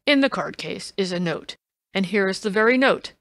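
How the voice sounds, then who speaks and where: A woman voicing a brash, blustering male police inspector in an audiobook, loud and insistent. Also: mid-range voice, animated, moderate pace, no room sound. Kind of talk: audiobook reading.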